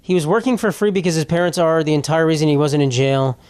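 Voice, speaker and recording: A young man hosts a casual solo podcast, reading posts aloud and riffing on them. He rambles, swears freely and laughs through his words, in a voice pitched a bit high. The sound is dry and close, with no room in it. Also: quick pace, darkish tone, clean tone, no echo. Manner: rambling, profane, laughs while talking. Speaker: podcast host.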